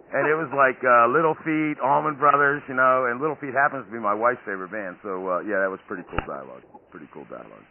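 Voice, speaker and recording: A man's voice: mid-range voice, quick pace, few pauses. A man hosting a podcast interview, chatting casually and rambling with lots of fillers and restarts. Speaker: podcast host. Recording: tinny phone-line audio with faint noise.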